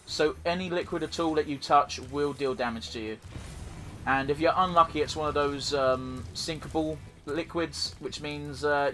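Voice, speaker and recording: A man's voice: medium pitch, sharp tone. A man hosting a let's play, giving rambling, profane, self-deprecating commentary while he plays. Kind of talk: casual gameplay commentary.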